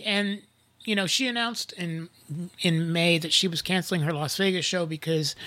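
A man in his sixties hosts a casual group conversation. His voice is bright and clear, and he is upbeat, laughing easily between remarks. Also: high-pitched. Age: 60s.

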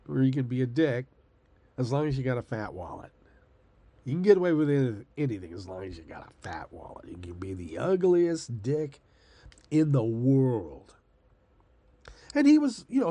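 Sarcastic older man with a husky voice. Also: a little high, dark tone, no echo. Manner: sarcastic, rambling, often laughing; profane and angry. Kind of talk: casual ranting monologue.

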